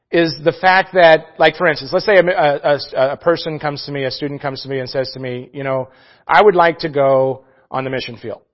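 A man in his thirties preaching a sermon in an animated way, often checking in with "okay?". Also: fairly high pitch. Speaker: pastor. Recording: dull lo-fi sermon recording.

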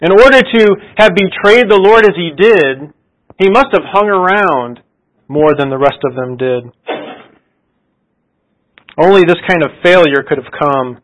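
A man with a slightly higher voice preaches a relaxed, conversational sermon. He retells scripture like a story and often stops to ask his listeners rhetorical questions. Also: unhurried, long pauses, rough recording.

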